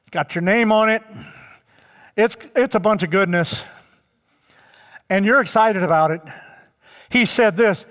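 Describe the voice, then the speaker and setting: A man's voice: sits high, measured pace, long pauses, fairly bright tone. A male pastor preaching a sermon to his congregation, drawing out key words and addressing them directly. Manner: emphatic, draws out key words. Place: church sanctuary. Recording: long church reverb.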